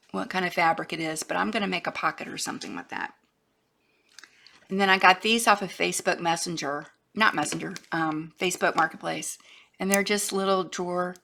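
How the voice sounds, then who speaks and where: A craft vlogger from Florida chats through a casual show-and-tell in a fairly low, gravelly voice with a crisp, bright tone. She rambles, lets sentences trail off before restarting, and sometimes sinks to a whisper.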